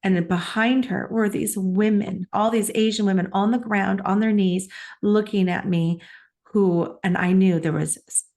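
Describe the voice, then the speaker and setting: A woman's voice: medium pitch, fairly even intonation, normal speed, darkish tone. A middle-aged woman co-hosting a podcast, telling a personal story in an earnest, emotional and reflective way, laughing often. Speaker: podcast co-host.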